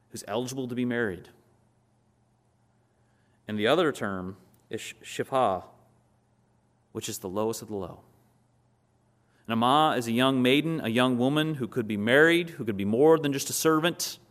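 Man preaching a lively sermon. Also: fairly low pitch. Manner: animated storytelling, acts out quotes. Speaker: pastor.

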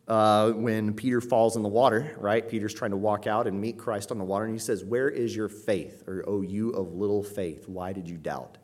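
A man's voice: fairly low pitch, darkish tone. A man preaching a sermon, explaining scripture in a conversational way and raising his voice when he reads passages aloud. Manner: emphatic, rising sharply when reading scripture aloud; conversational asides with light laughter.

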